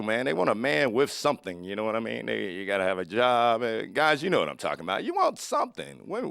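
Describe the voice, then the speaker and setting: Gravelly forties comedian, very lively pitch. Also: male voice, no room sound, studio quality. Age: 40s. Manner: lively storytelling with acted-out voices. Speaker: stand-up comedian. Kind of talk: stand-up comedy set.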